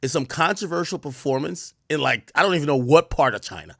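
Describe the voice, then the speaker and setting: Man, livestream chat, gravelly, dry, animated and profane. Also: a little high, a little fast, no echo. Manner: animated storytelling, swears and laughs often. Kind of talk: casual chat to stream viewers.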